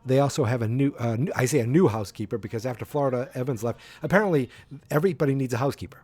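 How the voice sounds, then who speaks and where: A man hosting a podcast who recaps an episode in a loose, rambling way. He keeps stopping to restart his sentences and reaches for fillers again and again. His voice sits at an ordinary middle pitch. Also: racing, darkish tone, breathy edge. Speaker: podcast host.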